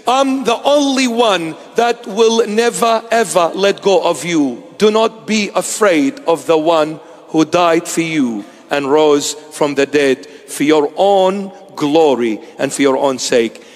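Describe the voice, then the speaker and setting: A man speaking as a tender, loving divine figure who comforts a fallen believer, gently and with much repetition. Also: a little high, slow, few pauses, in a large hall.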